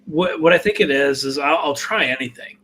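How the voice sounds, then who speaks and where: A man's voice: on the high side, fairly quick, fairly bright tone. A man hosting a live fragrance chat, talking in a rambling, laid-back way full of fillers. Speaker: fragrance channel host.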